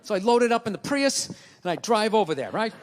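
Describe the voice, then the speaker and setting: A man doing a stand-up routine, ranting and swearing, with loud outbursts. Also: high-pitched, sing-song, fairly quick, slight background noise. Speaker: stand-up comedian. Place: stage in a large hall before a live audience. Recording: live hall with long reverb.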